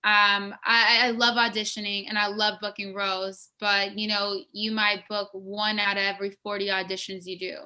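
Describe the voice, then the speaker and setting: A woman's voice: medium pitch, level tone, moderate pace, few pauses, pushed and bright. A woman actress from West Africa, telling stories from her career in a casual, enthusiastic interview. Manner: enthusiastic, storytelling, restarts often.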